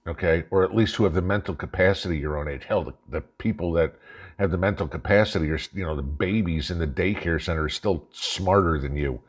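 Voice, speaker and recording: A man with a low, deep voice rants straight at his audience. He is blunt and profane, and he mocks his targets throughout his monologue. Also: fairly quick. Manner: angry, blunt, profane and mocking. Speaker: channel host. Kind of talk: ranting political monologue.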